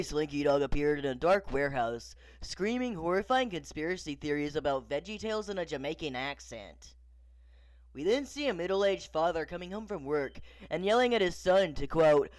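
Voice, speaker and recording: A man's voice: fairly high pitch, dry recording. A man reading a horror parody story aloud in a profane, incredulous, sarcastic tone. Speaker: creepypasta narrator. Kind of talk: scripted horror story narration.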